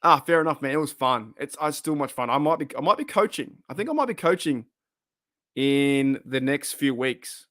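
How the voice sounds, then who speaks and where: This Australian man in his thirties runs a casual livestream, rambling and cursing as he answers chat. His medium-pitched voice is expressive and a little bright, though it's wearing thin, and he speaks at an ordinary speed. The audio is clean studio sound with no echo.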